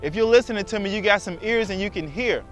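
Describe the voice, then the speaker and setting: Male preacher, high-pitched, animated sermon delivery, faint music bed. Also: quick pace. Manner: animated, acts out the disciples' complaints.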